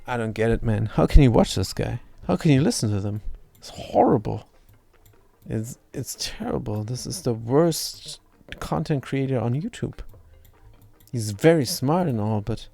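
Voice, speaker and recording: This young man's mid-range voice is gravelly yet mellow. He's a streamer chatting casually through his gameplay in English, a language that isn't his first, and he rambles, makes fun of himself, and keeps stumbling and starting words over.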